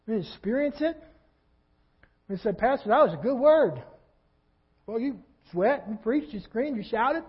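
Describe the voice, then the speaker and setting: A husky-voiced male pastor preaching a sermon in a church, swinging between quiet reflection and loud fervent passages. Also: very high voice, animated, normal speed, muffled recording. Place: church sanctuary.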